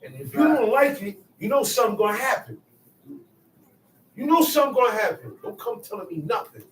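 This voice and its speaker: A man teaching scripture in casual street talk, emphatic and repetitive, moving from quiet asides to loud outbursts. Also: very high voice, a little fast. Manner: emphatic, repeats phrases, swings from soft asides to loud outbursts. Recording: echoey room, mic set far off.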